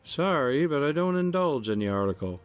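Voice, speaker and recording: A man puts on a cool, wry young fellow with a raised, animated voice. The reading sounds close and dry. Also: a little high, moderate pace, no echo, soft background music, voice pushed up. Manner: cool, mocking.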